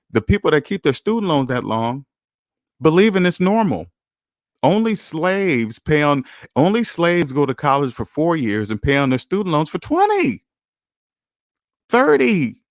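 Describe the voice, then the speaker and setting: A man's voice: fairly high pitch, sing-song, a little slow, long pauses, no echo, clean studio sound. A man hosting a finance video, lecturing his viewers in an emphatic, repetitive way and reading an article aloud with running commentary. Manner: emphatic, repetitive, lecturing, swings loud and soft. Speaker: personal finance vlogger.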